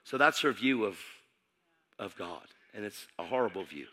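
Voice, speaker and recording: A man preaching a testimony, animated and emphatic, dropping to a hush and then shouting as he acts out the scenes. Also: on the low side, moderate pace. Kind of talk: sermon testimony storytelling.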